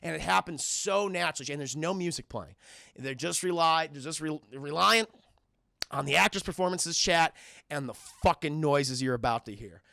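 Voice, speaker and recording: Gravelly, bright-voiced excitable man. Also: fairly high pitch, normal speed, no room sound, studio quality. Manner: excitable, profane, addresses chat; acts out characters' lines. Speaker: streamer film reviewer. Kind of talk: live-stream film commentary.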